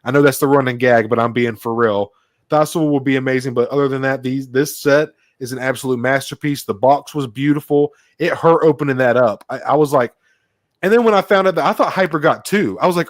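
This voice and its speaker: Excitable man ranting casually. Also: medium pitch, brisk, dry recording, studio quality. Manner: rambling, excitable, swears freely. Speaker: podcast co-host. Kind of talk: casual podcast chat.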